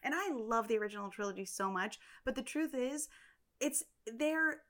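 Bright-voiced woman gushing enthusiastically. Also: fairly high pitch, animated, normal speed. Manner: enthusiastic, gushing, with frequent fillers. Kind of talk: casual chat.

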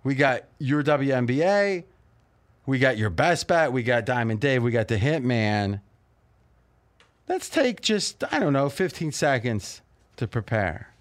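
A man's voice: medium pitch, sing-song. A man hosting a sports betting talk show, cracking jokes and wandering into rambling asides. His talk is loose and conversational, and he cuts in on his co-hosts. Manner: joking, interrupting, quick rambling banter.

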